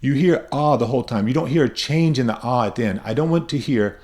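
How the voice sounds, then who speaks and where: Man, pronunciation lesson, patient, repeats example sounds, mid pitch, native English speaker. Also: fast, a little mellow. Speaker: pronunciation teacher. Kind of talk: explanatory lesson with spoken examples.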